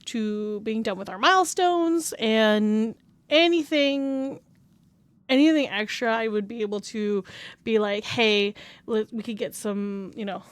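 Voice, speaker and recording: A woman streamer chatting casually on a livestream, excitable and gushing. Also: on the high side, measured pace, smooth, no room sound. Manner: excitable, gushing, breaks into squeals and laughs. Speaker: VTuber streamer.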